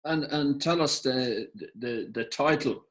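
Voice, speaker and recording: A man's voice: medium pitch, takes it slowly, a bit bright. Hesitant male interviewer. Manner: hesitant questions with fillers and repeats. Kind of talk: festival Q&A interview.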